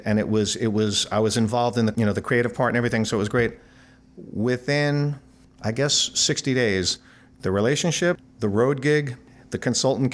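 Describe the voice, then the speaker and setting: Older male musician guest, animated storyteller who acts out the people in his anecdotes. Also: lowish voice. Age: 60s. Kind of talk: storytelling interview.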